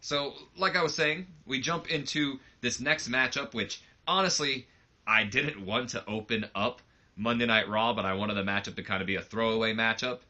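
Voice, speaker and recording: A man's voice: medium pitch, normal speed, bright, forceful tone, dull audio. Rambling male game commentator. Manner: rambling, loose, lots of fillers. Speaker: let's play host. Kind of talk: casual let's play commentary.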